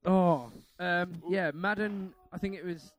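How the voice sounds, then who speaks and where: A man's voice: sits high, steady tone, takes it slowly. A man from Britain rambling and stumbling over his words in casual group banter.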